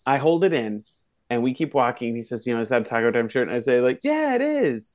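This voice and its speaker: Podcast co-host, male, chatty storyteller, mid-pitch, acts out voices in his stories. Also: fast. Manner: animated anecdote teller, voices the people in his story. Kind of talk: casual chat, storytelling.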